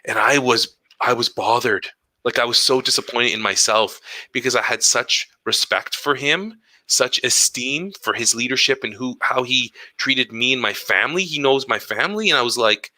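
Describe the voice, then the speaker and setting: A middle-aged man, an educator co-hosting a podcast, chatting casually and telling animated stories that act out quoted dialogue. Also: mid-range voice, normal speed, no room sound, rough recording. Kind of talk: casual chat.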